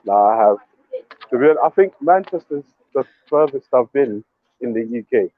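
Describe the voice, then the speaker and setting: A man's voice: medium pitch, animated, moderate pace. A man hosting a live stream, teasing and sarcastic in casual chat. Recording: dull, dry, lo-fi online audio.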